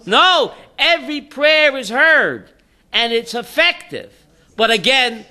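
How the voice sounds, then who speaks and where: Rabbi leading a class. Man, high and bright, animated storyteller who acts out his jokes. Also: slow. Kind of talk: informal Torah class with jokes.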